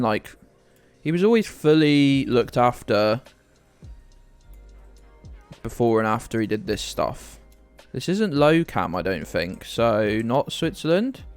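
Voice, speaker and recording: A man's voice: medium pitch, darkish tone. A man from the UK chatting casually and rambling to viewers while streaming a game, often joking at his own expense. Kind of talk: casual live-stream commentary.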